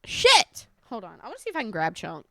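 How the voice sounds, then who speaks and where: A woman's voice: lowish voice, sing-song, racing, creaky, dry recording, studio quality. A woman live streamer chatting casually with her viewers, scattered and talkative, thanking them often and swearing mildly.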